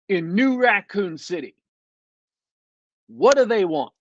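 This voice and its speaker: A man talks at an unhurried, drawn-out pace, sardonic and rambling as he reviews a show, filling gaps with ums and uhs. The sound is dry and a little muffled, like a plain home mic. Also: sits high, sing-song, no echo. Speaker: podcast co-host reviewing shows. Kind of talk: casual podcast chat.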